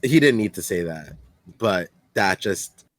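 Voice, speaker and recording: A man co-hosting a podcast, talking excitedly about manga in casual chat, with lots of fillers. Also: low voice, a little slow, no echo. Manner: excitable, many filler words and restarts. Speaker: podcast co-host.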